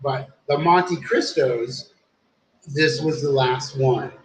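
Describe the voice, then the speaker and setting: A man's voice: mid-range voice, takes it slowly. Tipsy man rambling in an echoey room. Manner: rambling, profane, says "dude" a lot. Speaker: live streamer. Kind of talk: casual livestream storytelling. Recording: roomy echo, faint background hum.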